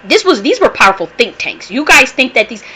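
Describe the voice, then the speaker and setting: A woman host talking in a casual monologue, an animated storyteller who swears a lot and restarts her sentences often. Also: fairly high pitch, fairly quick, husky, rough recording. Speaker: channel host.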